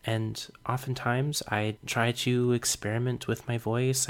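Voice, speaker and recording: A man's voice: medium pitch, flat delivery, unhurried. A young man hosting his own podcast, telling a personal story in a reflective, earnest way with small self-conscious laughs. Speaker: podcast host.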